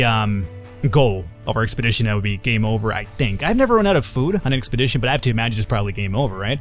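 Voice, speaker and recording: A man hosting a let's play, giving casual gameplay commentary in a chatty, self-deprecating way as he thinks aloud. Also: medium pitch.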